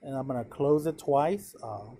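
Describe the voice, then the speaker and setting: A man's voice: mid-range voice, normal speed, mellow, slight background noise. A man teaching a math class in a classroom, talking casually and checking in with his students often. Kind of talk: classroom lecture.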